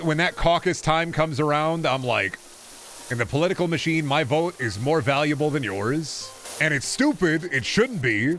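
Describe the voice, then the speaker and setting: A man's voice: mid-range voice, fairly bright tone. Male gaming streamer, rambling rant, sarcastic, swears a lot, faint music behind. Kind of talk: casual ranting chat while playing.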